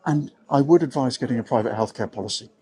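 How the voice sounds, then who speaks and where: A man's voice: medium pitch, quick pace, warm tone. A middle-aged English man giving frank, conversational advice to camera, a little self-deprecating. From England. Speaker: vlogger living abroad.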